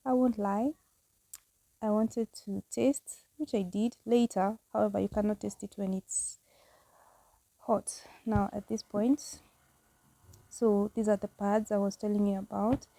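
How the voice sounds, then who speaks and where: A woman's voice: on the high side, mellow, no room sound. A woman vlogging a casual home tutorial, chatty and candid, laughing at herself as she goes. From Kenya.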